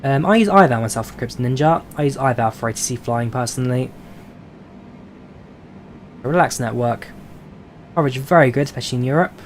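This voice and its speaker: A flight sim streamer from London, England, talking with a London accent, reads viewer questions on his live stream and answers them with many filler "uh"s as he flies a simulator in casual chat. His voice is medium in pitch and a little fast, with frequent pauses and a little hiss or hum.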